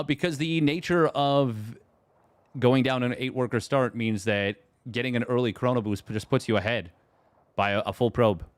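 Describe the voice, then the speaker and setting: Heard in a clean, dry recording, a mid-range male voice casts a strategy game tournament live. He chats with viewers, answering their messages, and wanders along with lots of fillers and restarted sentences.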